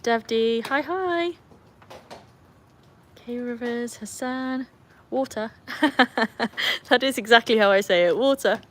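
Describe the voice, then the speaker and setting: A woman's voice: on the high side, takes it slowly, pauses often, fairly bright tone. A woman with an English accent hosting a live stream outdoors by a pool, chatting with viewers and talking to her dogs. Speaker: livestream host. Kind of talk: casual live chat. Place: outdoors beside a backyard pool in the rain. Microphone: phone. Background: faint rain and outdoor ambience.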